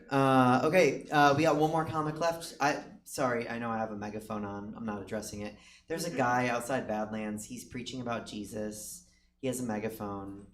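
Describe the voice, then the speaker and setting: A man's voice: mid-range voice, a bit bright. A man hosting a comedy show, making loose, rambling asides and hyping the crowd between acts. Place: comedy theater stage. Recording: echoey stage with background noise.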